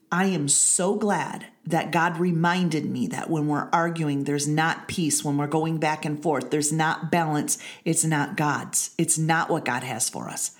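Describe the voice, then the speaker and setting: A woman leading a women's ministry, giving an earnest devotional teaching and repeating key phrases for emphasis. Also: low voice.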